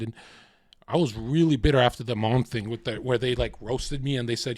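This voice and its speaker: A man's voice: medium pitch, moderate pace, dry recording, clean studio sound. A man livestreaming, ranting casually in a heated, profane, rambling way.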